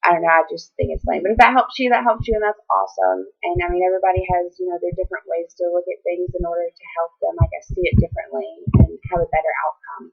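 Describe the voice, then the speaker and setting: A woman's voice: fairly low pitch, steady tone, quick pace, creaky, few pauses, slightly rough, soft background music. A young woman chatting casually to camera, rambling with many ums and restarts, at times close to tears. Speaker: vlogger. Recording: tinny phone-like sound.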